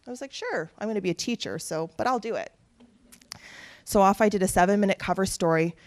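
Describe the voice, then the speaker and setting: Earnest woman telling stories on stage. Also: mid-range voice. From Canada. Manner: earnest, animated storytelling with quoted voices. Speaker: keynote speaker. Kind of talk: personal storytelling speech.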